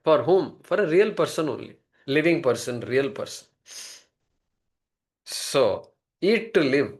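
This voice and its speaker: A man's voice: fairly high pitch, lively intonation, unhurried. A man giving a classroom lecture on a Sanskrit text, explaining word by word and posing rhetorical questions. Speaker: scripture teacher.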